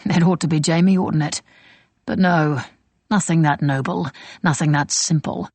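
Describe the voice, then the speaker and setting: An elegant, bitter gentleman with a clipped British accent, as a woman narrator puts him on, testy and wry. The voice has a gravelly, husky grain and a dry, close sound. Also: low-pitched, fairly even intonation, moderate pace, dry recording.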